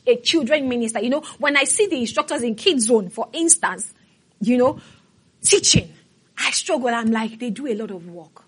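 A woman's voice: high-pitched, fairly bright tone. A woman pastor preaching a sermon emphatically and calling out to her congregation.

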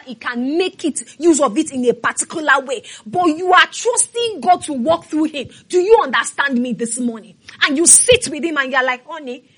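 A woman's voice: sits high, a bit bright. A woman pastor preaching a sermon emphatically and calling out to her congregation.

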